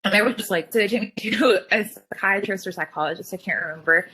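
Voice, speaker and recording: A young woman telling her own story in casual chat, full of "like" fillers and quick retellings. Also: medium pitch, pushed and bright, breathy edge, poor audio. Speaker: guest sharing her story.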